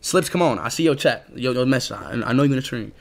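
A young man streaming live, reacting loudly and excitably, swearing a lot and bursting into shouts. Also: mid-range voice, fast, creaky.

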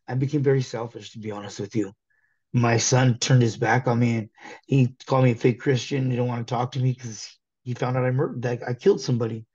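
Earnest man with a dark voice. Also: mid-range voice, husky, lo-fi sound. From California. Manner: earnest, halting, restarts often. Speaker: guest telling his conversion story. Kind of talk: candid personal testimony.

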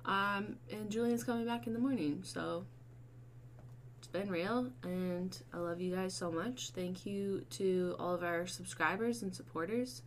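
A woman hosting a casual livestream, chatting with her viewers, swearing and breaking into bursts of excited shouting. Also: medium pitch, measured pace, slight background noise. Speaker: livestream host.

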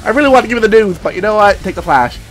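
High-pitched, excitable young man gaming. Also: rapid-fire, soft background music. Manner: excitable, profane, makes sound effects while playing. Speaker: gaming commentator. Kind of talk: let's play commentary.

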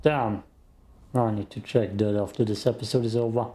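A man's voice: lowish voice, steady tone, a little fast, dark tone. A man hosting a let's play, giving casual gaming commentary with joking, rambling asides to his viewers.

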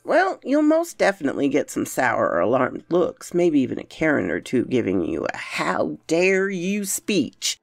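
A blunt, folksy Southern pawn shop clerk, put on by a woman narrator, with a thick drawl. He talks plainly and bounces all over in pitch. The voice has a gravelly grain and sits in a dry, close space with soft music under it. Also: huge pitch swings, normal speed, few pauses, no room sound, exaggerated voice. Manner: blunt, folksy, drops to a hushed warning. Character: wary middle-aged Southern male pawn shop clerk.

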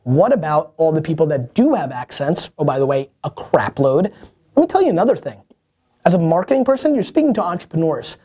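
A man's voice: on the high side, very animated, a little fast, dark tone, breathy edge. A man in his thirties hosting an advice show, answering viewer questions in a brash, blunt and emphatic way.

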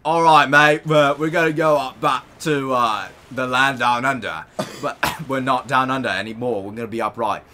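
A man's voice: medium pitch, normal speed, bright, forceful tone, a little hiss or hum, lightly acted. A man voicing a cheerful group of Australians in a loose, playful drawl, improvised during a game stream.

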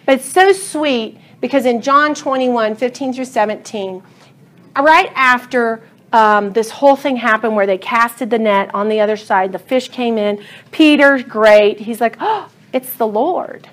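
A middle-aged woman teaches a Bible study lesson, earnest and animated, building to emphatic passion as she retells the story. Her voice is on the high side, and she speaks a little slowly.

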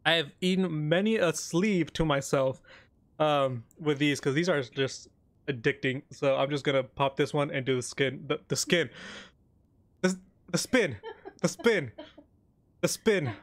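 Excitable high-voiced young man gaming. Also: measured pace. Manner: excitable, joking, talks while eating. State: mouth full of cookie. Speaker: gaming YouTuber. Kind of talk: casual gameplay commentary.

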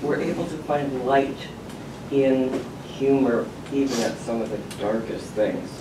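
A church group member musing in a casual discussion, thoughtful and halting, with frequent repeats. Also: mid-range voice. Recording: echoey room, far mic, background noise.

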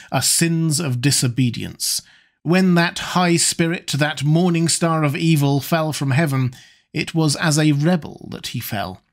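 A man narrating a classic novel in a measured, dramatic audiobook reading. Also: on the high side.

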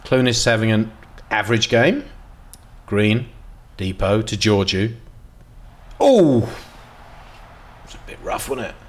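A man giving casual, excitable commentary while playing a football management game, dropping to mutters and jumping to loud outbursts. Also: lowish voice, takes it slowly, pauses often. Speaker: gaming video host.

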